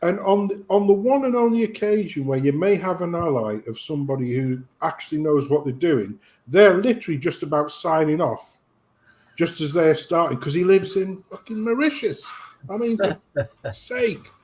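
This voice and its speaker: Profane ranting British man, lively. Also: on the high side, moderate pace. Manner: profane ranting, animated storytelling. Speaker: chat show guest. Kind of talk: casual chat.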